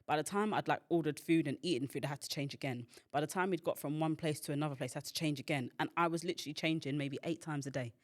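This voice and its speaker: A woman's voice: sits low, fast talker, hardly any pauses. A woman hosting a podcast, telling a personal story in a chatty way, full of fillers and acted-out quotes. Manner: chatty, filler-heavy, acts out quoted voices. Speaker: podcast host and founder.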